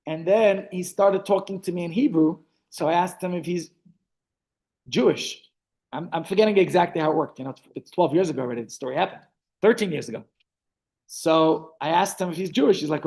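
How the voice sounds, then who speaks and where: A man, a rabbi telling stories in a relaxed class held over a video call, often stopping to restart his sentences. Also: sits high, brisk. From South Africa. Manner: chatty storytelling, frequent restarts. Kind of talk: online Torah class.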